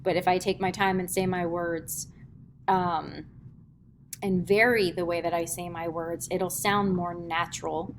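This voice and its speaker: A woman teaching a middle school theatre class in a classroom lecture, chatty, filling pauses with "um" and demonstrating as she explains. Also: on the low side, steady tone, a little hiss or hum.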